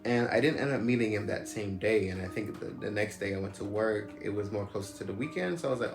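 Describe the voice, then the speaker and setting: A young man tells a personal story in a loose, rambling way, full of fillers and restarts. His voice sits a little low. The room is echoey and loud music plays underneath. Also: fast talker, hardly any pauses. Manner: rambling, heavy use of "like" and "you know what I'm saying". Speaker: storyteller recounting a personal experience. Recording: roomy echo with loud music behind.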